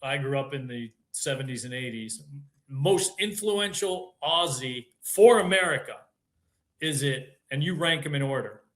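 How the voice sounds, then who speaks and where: A man's voice: medium pitch, lively intonation, unhurried. A man in his fifties hosting a podcast interview, firing off playful, teasing questions in a casual, jokey way. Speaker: podcast host.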